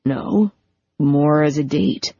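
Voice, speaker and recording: A woman's voice: low-pitched, slow pace, dark tone, dry recording, muffled recording, pitched below the performer's own voice, exaggerated voice. Earnest young man Patrick, read by a woman.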